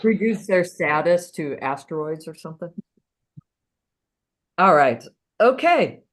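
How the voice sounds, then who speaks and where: A woman's voice: lowish voice, expressive, measured pace, a little hiss or hum. A woman hosting an online show over a video call, chatty and full of ums and uhs. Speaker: host.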